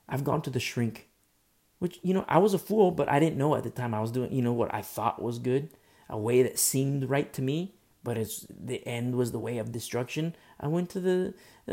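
A man preaching a sermon with a mellow, warm tone. He talks with passion and repeats lines for emphasis. He restarts phrases and drops in asides as he goes. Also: medium pitch, creaky. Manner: impassioned, repetitive, with many restarts and asides.

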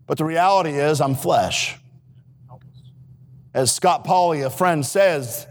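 A man preaching a sermon in a church as a missionary, earnest and swinging between hushed and emphatic delivery. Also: on the high side, animated, normal speed, pauses often, husky. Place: church sanctuary.

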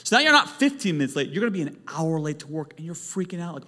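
A male pastor delivering a lively sermon, swinging from quiet, intimate stretches to loud, emphatic peaks. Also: a little high, fast, hardly any pauses. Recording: long hall reverb, faint music.

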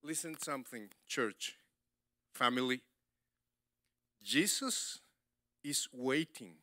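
Man, sermon, animated, broken English, slow delivery, dry sound. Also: medium pitch, no echo. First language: Spanish. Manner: animated preaching, broken English, frequent laughs. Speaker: preacher.

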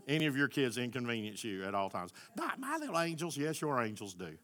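Impassioned preacher man, bright voice. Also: medium pitch, sing-song, fairly quick. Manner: impassioned, shouting at peaks. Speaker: pastor. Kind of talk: sermon.

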